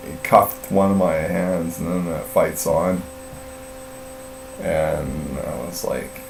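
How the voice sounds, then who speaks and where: The voice is low-pitched and creaky, a little mellow, belonging to a middle-aged man telling a story on a live stream. He chats casually, rambling and cursing, with plenty of fillers and self-mocking laughter. A distant mic gives a roomy sound and a faint mains hum.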